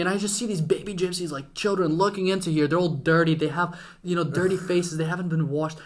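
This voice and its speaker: Excitable young man telling a story. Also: high voice, quick pace, hardly any pauses. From Ukraine. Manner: excited, swears casually, lively retelling. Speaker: podcast guest, entrepreneur. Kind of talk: animated storytelling.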